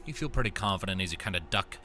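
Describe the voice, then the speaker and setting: Lively, bright-voiced man running a game. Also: low-pitched, fast, faint music behind. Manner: descriptive, meandering narration with fillers. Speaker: game master. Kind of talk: narrating a tabletop game.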